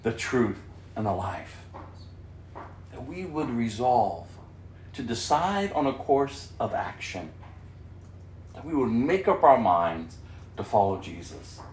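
A pastor preaching an impassioned, emphatic sermon, dropping to a hush and then rising to loud. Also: male voice, mid-range voice, sing-song, takes it slowly, pauses often, echoey room, distant mic, a little hiss or hum.

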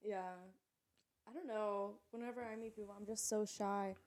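A woman's voice: medium pitch, steady tone, normal speed, a little mellow. Joking woman from Texas. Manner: jokey and teasing, laughs often. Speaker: podcast co-host. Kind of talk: casual chat.

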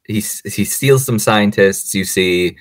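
A man's voice: lowish voice, unhurried, dry recording. A man co-hosting a podcast, recapping a movie in casual chat, acting out the characters' lines and laughing often. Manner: animated storyteller, acts out quotes, laughs often. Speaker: podcast co-host.

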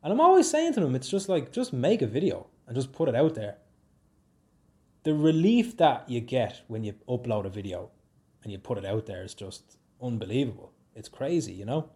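A young man with a Dublin Irish accent hosting a casual solo podcast, rambling and joking, his pitch and loudness swinging up and down. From Ireland. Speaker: podcast host.

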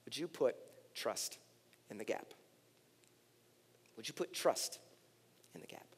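A middle-aged male pastor preaching a sermon, earnest and impassioned, his voice climbing high when he pleads. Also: lively intonation, takes it slowly, slightly rough. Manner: impassioned, rising to near-shouted pleas in emotional passages. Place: large church hall. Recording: reverberant church hall with soft music.

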